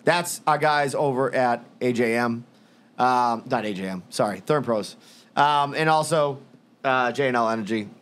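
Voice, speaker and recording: A man's voice: mid-range voice, normal speed, a bit bright, clean tone. A man hosting a podcast, talking casually and enthusiastically with plenty of swearing, including loose sponsor plugs. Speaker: podcast host. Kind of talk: casual chat.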